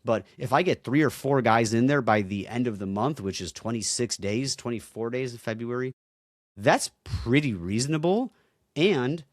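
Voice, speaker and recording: A man's voice: medium pitch, expressive, normal speed, no echo, studio quality. A young man hosting a solo podcast, talking bluntly and swearing freely, fired up as he addresses his listeners directly. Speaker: podcast host.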